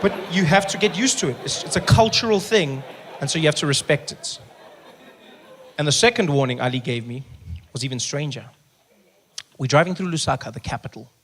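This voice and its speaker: A man performing stand-up comedy, telling his stories in an animated way and slipping into the voices of the people in them. His voice sits a little higher than most men's. There is a faint noise under his voice. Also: fairly quick, pauses often, some chatter behind. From South Africa.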